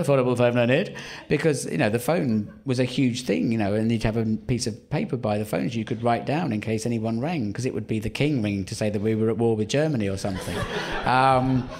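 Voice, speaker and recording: A man in his fifties with a Surrey home counties accent talks in a fairly low voice. He tells wry, rambling stories on a theatre stage, breaking off and restarting his sentences as he goes. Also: a little mellow. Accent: English, Surrey home counties. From England. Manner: rambling, self-interrupting, wry. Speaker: stand-up comedian, guest. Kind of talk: live podcast interview, anecdotal storytelling. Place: theatre stage before a live audience.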